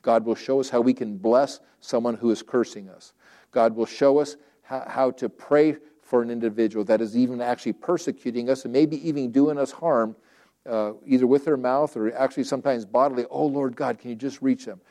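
A man's voice: mid-range voice, brisk, warm tone. A man preaching a sermon in a conversational way, acting out quoted prayers and objections and often restarting phrases.

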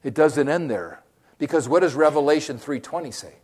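Pastor, male, high voice, sermon delivery that swings from hushed to loud, questions the congregation. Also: lively intonation, fairly quick. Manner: preaching, swinging from quiet to loud.

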